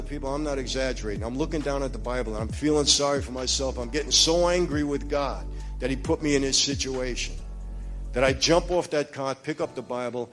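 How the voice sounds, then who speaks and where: A man with a New York accent giving a personal testimony. He talks emphatically and confidingly to his listeners, dropping to hushed low passages and rising to urgent ones.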